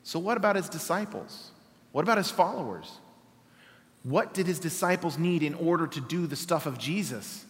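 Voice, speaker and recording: A male preacher with a fairly high voice reads scripture and drives home his points with rhetorical questions. His voice carries a long reverb, as if spoken in a large hall. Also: animated, normal speed. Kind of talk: sermon with scripture reading.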